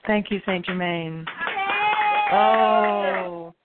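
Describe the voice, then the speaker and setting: Woman host welcoming guests, slow speech, noisy tinny phone line. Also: medium pitch, steady tone. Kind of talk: casual spiritual chat.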